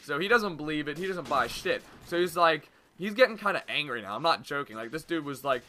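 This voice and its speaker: A man's voice: on the high side, a little fast, hardly any pauses. A young man casually telling a story to his viewers in a vlog, swearing freely and acting out what others said. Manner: animated, profane, acts out quoted voices. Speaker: YouTube vlogger.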